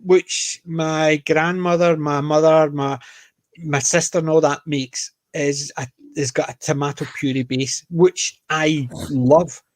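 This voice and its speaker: A Scottish man chatting on a casual panel, telling stories with emphatic, animated delivery. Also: a little high, slow pace. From Scotland.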